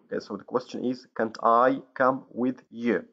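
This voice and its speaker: A man from Morocco teaching an English grammar lesson, pausing often with fillers and correcting himself, in a dull lo-fi recording. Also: mid-range voice, fairly even intonation. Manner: hesitant, many fillers and self-corrections.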